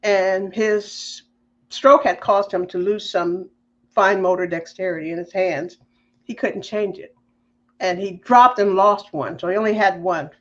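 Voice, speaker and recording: A woman telling a personal story with strong feeling. She speaks at a middle pitch, and her voice jumps up when she gets worked up. The audio is a little dull and muffled. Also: measured pace. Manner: animated, emotional, faith-filled storytelling. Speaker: podcast guest.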